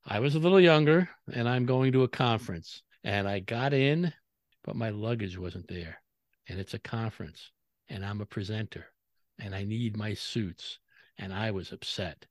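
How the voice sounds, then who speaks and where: A man co-hosting a podcast, telling stories in a loud, emphatic, casual way. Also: lowish voice, normal speed, no room sound. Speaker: podcast co-host. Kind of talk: casual chat and storytelling.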